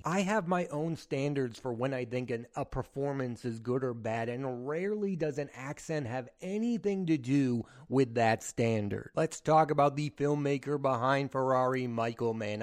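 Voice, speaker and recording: On his film podcast, a man shares frank, strongly opinionated takes in a conversational style. His voice is mid-range with a somewhat dark tone, and he comes across as both host and film critic.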